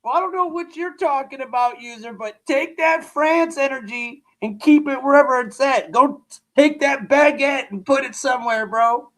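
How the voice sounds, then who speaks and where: A man hosting a live-stream reaction, mocking what he watches with loud outbursts and laughs. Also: very high voice, normal speed.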